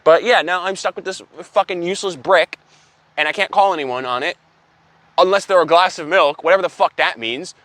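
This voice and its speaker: A young man telling an absurd story as an exasperated, profane, deadpan comedy rant. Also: high-pitched, a little fast, no echo. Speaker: comedic vlogger.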